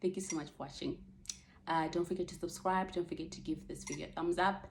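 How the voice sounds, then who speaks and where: Woman, casual storytime vlog, low-pitched, animated delivery. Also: fast, a little hiss or hum. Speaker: vlogger.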